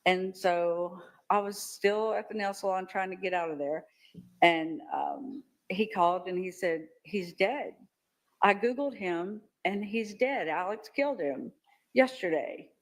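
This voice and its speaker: An older woman testifying as a witness in a courtroom. She talks haltingly and often repeats words as she recalls events. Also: medium pitch, low-quality recording. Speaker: trial witness.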